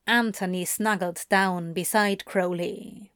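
A woman narrating a story aloud at an unhurried, even pace. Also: medium pitch, no echo, studio quality. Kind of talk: amateur audiobook reading.

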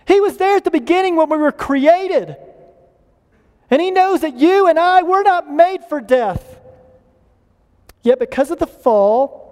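A pastor preaching a sermon earnestly, rising in emphasis and slowing down to stress key lines. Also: male voice, sits high, darkish tone, long reverb tail.

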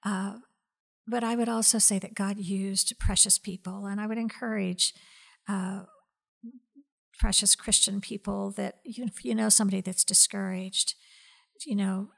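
Her pitch is mid-range and her tone stays level as this ministry director gives an earnest account of her faith during an interview. She talks slowly, hesitating often, filling gaps with fillers, and drifting into soft, breathy passages.

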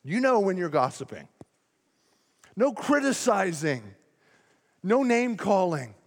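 A male pastor preaching a sermon, passionate and quick to get loud and fired up as he makes his points. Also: high voice, very animated, vocal fry. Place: church sanctuary. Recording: long reverb of a large church hall.

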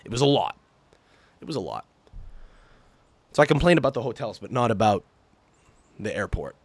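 A young man hosting his own podcast, telling stories casually in an animated, profane, exaggerated way. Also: mid-range voice, normal speed, husky, no echo. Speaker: podcast host. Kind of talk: casual solo podcast storytelling.

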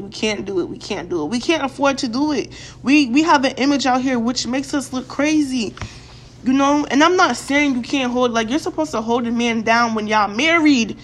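High-voiced young woman ranting bluntly. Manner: blunt, profane, repeats words for emphasis; fired-up, addresses viewers directly. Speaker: vlogger. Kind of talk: casual opinion rant to camera.

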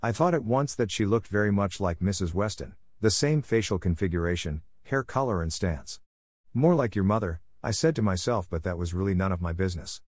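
A man reads a first-person ghost story in a calm, measured way. His voice sits low, and the recording is dry and close with no room sound. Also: dry recording. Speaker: narrator. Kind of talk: scripted ghost story narration.

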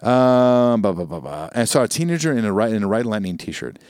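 A man co-hosts a casual podcast, drifting into rambling absurd stories and reading emails from listeners. His voice sits somewhat low. The sound is close and dry, with no room around it. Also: animated, fairly quick, a little mellow, dry recording. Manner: joking, rambling storyteller, reads listener emails. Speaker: podcast co-host.

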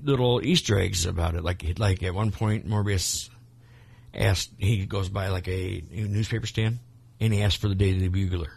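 A man's voice: deep voice, fairly even intonation, moderate pace, vocal fry, darkish tone, husky. A man co-hosting a casual podcast, rambling with lots of fillers and restarts. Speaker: podcast co-host. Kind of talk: casual chat.

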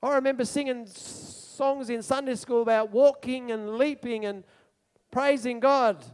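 High-voiced preacher in an echoey hall. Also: male voice, unhurried, smooth. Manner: animated storytelling, asks the congregation questions. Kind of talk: sermon.

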